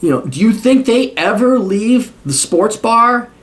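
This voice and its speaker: A man's voice: high voice, expressive, measured pace, a bit bright. A man in his forties giving a blunt, profane, opinionated casual monologue. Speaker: host.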